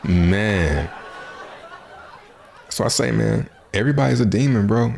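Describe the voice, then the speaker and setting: A man's voice: medium pitch, wildly swooping pitch, fast talker, vocal fry, darkish tone, some chatter behind, a little hiss or hum. A man hosting a reaction video, talking in a casual, slangy way and laughing often as he jokes. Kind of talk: casual commentary.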